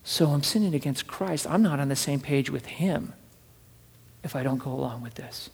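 A man preaching a sermon from scripture, fervent, swinging between loud urging and hushed asides and repeating words as he builds a point. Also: mid-range voice, moderate pace, creaky, slightly rough, big-room sound. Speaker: pastor.

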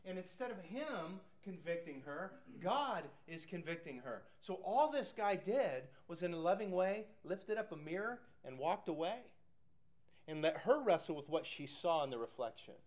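A man's voice: high-pitched, normal speed. A middle-aged male pastor preaching and leading a Bible study, telling stories with acted quotes. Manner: animated storytelling with acted quotes.

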